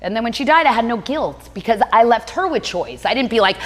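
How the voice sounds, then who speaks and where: A woman's voice: a little high, animated, brisk, hardly any pauses. A middle-aged woman, a gym owner and motivational speaker, telling a personal story in a blunt, direct way. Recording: long hall reverb.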